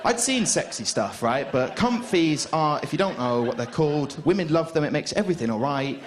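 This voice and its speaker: A man's voice: on the high side, lively intonation, normal speed. A young man doing a stand-up set on a club stage, rambling and hesitant with lots of restarts. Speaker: stand-up comedian.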